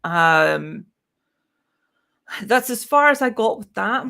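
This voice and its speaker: Scottish woman, casual chatty co-host, unhurried asides. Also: mid-range voice, animated, gravelly, bright, forceful tone. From Scotland. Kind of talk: casual live-stream chat.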